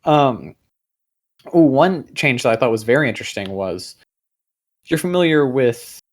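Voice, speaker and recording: A young man chats loosely on a podcast, his middle-pitched voice stopping and starting as he hunts for words. He fills the gaps with frequent "um"s and tosses in a casual swear now and then. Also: animated, measured pace. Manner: rambling, hesitant, many fillers and restarts. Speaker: podcast co-host. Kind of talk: casual chat.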